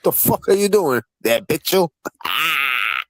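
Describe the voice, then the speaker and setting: A man's voice: mid-range voice, lively intonation, normal speed, dry recording, poor audio. Profane, taunting livestream host man. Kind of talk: heated livestream panel chat.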